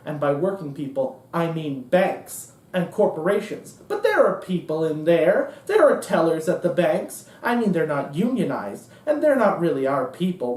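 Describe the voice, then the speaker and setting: A monologuist putting on a smug liberal insider who wonders aloud with mock innocence, their voice swinging through a lively range. It sounds distant in a roomy theater. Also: mid-range voice, close to an everyday voice.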